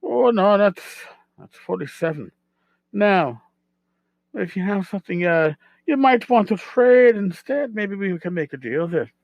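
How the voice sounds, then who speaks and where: A man's voice: high-pitched, expressive, measured pace, dry recording, lo-fi sound, pitched above the performer's own voice. A man voicing a cheeky male leprechaun trader who haggles indignantly and swears. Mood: haggling.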